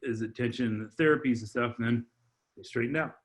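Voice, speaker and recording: A man on a podcast, telling a heartfelt personal story in a halting way, full of restarts and repeated words. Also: mid-range voice. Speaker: podcast guest, father. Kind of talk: heartfelt personal testimony in conversation.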